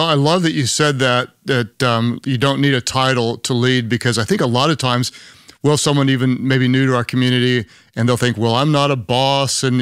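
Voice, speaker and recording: A man's voice: medium pitch, smooth, dry recording, studio quality. A man from Oklahoma with a Southern accent, hosting an interview and enthusiastically praising his guest. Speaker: podcast host. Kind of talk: interview host conversation.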